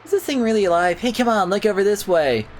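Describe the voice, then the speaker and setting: A man voicing a loud, theatrical male carnival barker in a game who hawks his exhibit, with faint music behind. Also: high-pitched, animated, fast talker, voice pushed up. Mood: showy. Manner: theatrical, hawking.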